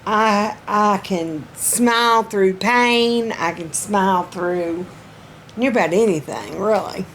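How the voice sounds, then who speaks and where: Slow-talking Southern woman, folksy and chatty. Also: medium pitch, a bit bright, a little hiss or hum. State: throat strained. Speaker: vlogger. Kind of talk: casual personal update vlog.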